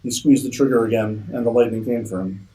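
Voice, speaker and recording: A man, an author, reading his own fiction aloud at a convention in a steady narrating manner. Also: mid-range voice, fairly quick, low-quality recording.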